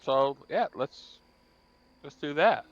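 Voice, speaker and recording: A man's voice: fairly high pitch, expressive, slow pace, dull audio. A man playing in a tabletop role-playing game online, thinking aloud and laying out plans persuasively. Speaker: player. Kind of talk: tabletop role-play discussion.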